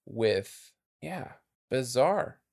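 A man's voice: medium pitch, expressive, drawn-out words, vocal fry, a little mellow. A man co-hosting a podcast in casual chat, laughing often and trailing off into fillers. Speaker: podcast co-host.

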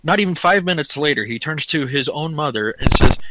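A man with a Southern American accent, co-hosting a podcast and telling stories with animated voices. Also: a little high, brisk, background noise. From Southern United States. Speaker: podcast co-host. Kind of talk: casual chat, storytelling.

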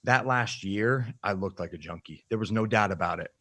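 A man with a very low voice tells his story candidly as an interview guest. He speaks in a reflective, halting way, and the sound is close and dry with no room echo. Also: bright, forceful tone. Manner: frank and reflective, halting with fillers. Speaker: podcast guest, nutrition coach.

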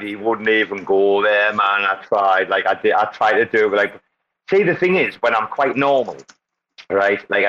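A man's voice: fairly low pitch, fairly bright tone, highs cut off. A man hosting a casual online audio chat, boisterous, swearing and laughing a lot. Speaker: host. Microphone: online audio room.

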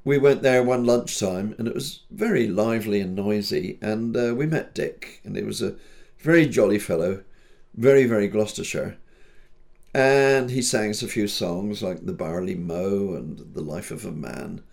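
A man who collects folk songs, telling anecdotes in a chatty, relaxed interview. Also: on the low side, normal speed, creaky.

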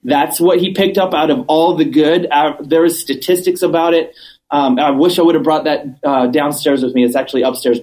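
A man chatting as a podcast guest, telling stories with animated, acted-out quotes and emphatic repetition. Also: on the high side, low-quality recording. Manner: animated storyteller, acts out quotes; emphatic, repeats points. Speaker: cannabis business owner, guest. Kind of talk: casual interview chat.

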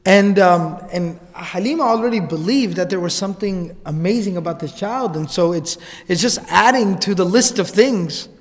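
A man with a high voice tells a story as a casual, chatty lecturer. His speech rings with the long reverb of a hall. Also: moderate pace, few pauses. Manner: casual, conversational retelling with asides. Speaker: religious lecturer.

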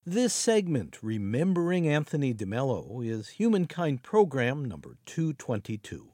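A man's voice: medium pitch, wildly swooping pitch, mellow, no room sound, clean studio sound. A man hosting a public radio program and reading its credits. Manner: measured announcer reading. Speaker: radio host. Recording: music under the voice.

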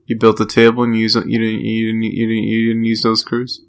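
A man co-hosting a relaxed podcast, full of silly jokes and repeated questions. He laughs a lot and keeps the banter going. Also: lowish voice, a little fast, gravelly. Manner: joking, repeats himself, laughs often. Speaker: podcast co-host.

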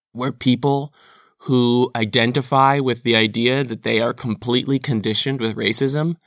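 A man talks through his thoughts in an earnest, confessional way, questioning himself as he goes. His voice has a bright, forward edge, and the sound is dry and close, with little room around it. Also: medium pitch, no echo. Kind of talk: reflective personal monologue.

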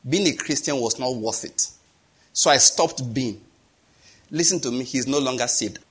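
A man's voice: mid-range voice, normal speed, a bit bright, breathy edge. A middle-aged man with a Nigerian accent preaching a sermon, telling stories, acting out the dialogue and laughing at his own jokes. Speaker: pastor.

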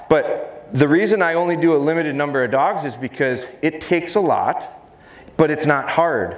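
A man who trains dogs, giving a live seminar and talking fast and jokingly with the crowd in a large hall. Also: medium pitch. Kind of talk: live seminar talk to an audience. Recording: roomy live hall sound, faint noise.

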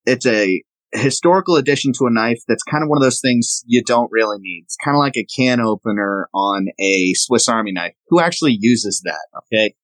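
A man's voice: medium pitch, lively intonation, fairly quick, few pauses, fairly bright tone, no room sound, poor audio. Knife maker explaining his blades, dry sound. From American South. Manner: explanatory, demonstrating objects as he talks. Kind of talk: casual interview talk.

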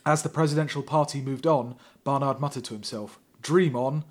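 Brisk and mid-range in pitch, a podcast host reads from a thriller novel as a comedy bit. He lays on the sarcasm, laughs frequently, and interrupts himself to poke fun at the prose.

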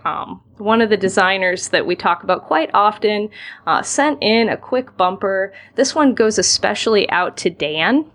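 A woman co-hosting a game podcast in casual chat, playful and quick to laugh. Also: mid-range voice, a bit bright. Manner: giggly, playful. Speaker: podcast co-host.

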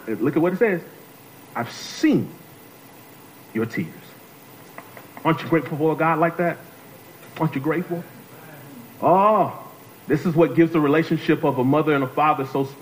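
Animated preacher man with a lively voice. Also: fairly high pitch, a little hiss or hum, low-quality recording. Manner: call-and-response with the congregation, repeating phrases. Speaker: guest preacher. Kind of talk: sermon.

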